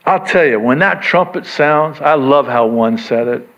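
A man preaching a sermon to his church, swinging from hushed reflection to excited emphasis, with joking asides. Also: mid-range voice, measured pace, few pauses. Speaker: pastor. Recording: dull lo-fi sound.

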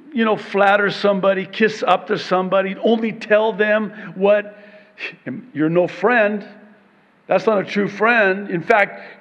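A man preaching a sermon in an animated way, acting out short exchanges and laughing between points. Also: high voice, in a large hall, highs cut off. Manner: animated, acts out little dialogues with laughs. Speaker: pastor.

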